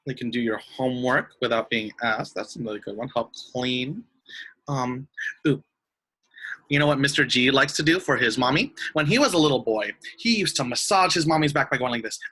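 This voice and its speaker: A young man teaching young children in an online lesson, speaking slowly in a sweet, sing-song way. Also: mid-range voice, pushed and bright, husky, low-quality recording.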